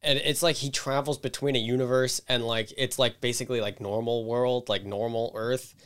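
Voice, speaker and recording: A man's voice: mid-range voice, steady tone, normal speed, a bit bright. A man co-hosting a podcast, chatting casually and hesitantly, with lots of fillers. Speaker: podcast co-host.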